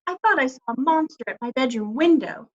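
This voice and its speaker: A woman reading aloud, voicing a timid, worried older woman with a gentle manner. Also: high voice, lively intonation, brisk, voice pushed up. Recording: dull lo-fi recording.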